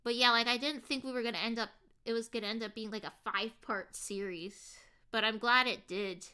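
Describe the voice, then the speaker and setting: A woman's voice: on the high side, steady tone, a little fast, sharp tone, smooth. A woman streamer chatting casually to her viewers while she draws, with a lot of ums and likes. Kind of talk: casual livestream chat while drawing.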